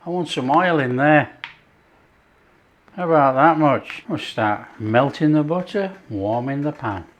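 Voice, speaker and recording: A man's voice: a little high, unhurried. A man hosting his own cooking show, chatting casually as he prepares a dish. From not France. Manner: chatty, relaxed, talks while working.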